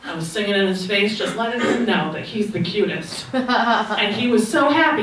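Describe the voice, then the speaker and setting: Young woman stand-up with a deadpan, wry delivery, taped from a distance in an echoey club with noise behind. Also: fairly high pitch, moderate pace. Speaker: stand-up comedian. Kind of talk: stand-up set. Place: comedy club stage. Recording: echoey club sound from far off, noisy.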